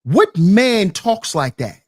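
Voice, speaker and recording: A man's voice: sits high, very animated, slow. A man hosting a reaction stream, indignantly picking apart a debate clip and firing rhetorical questions at his chat. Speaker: commentary channel host.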